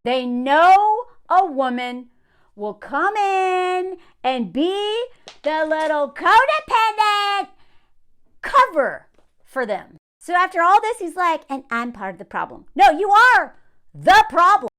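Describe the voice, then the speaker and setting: A woman's voice: very high voice, big pitch swings, takes it slowly, fairly bright tone. A woman giving casual commentary, sarcastic and exasperated, full of fillers, mocking quoted lines in put-on voices. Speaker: commentary vlogger.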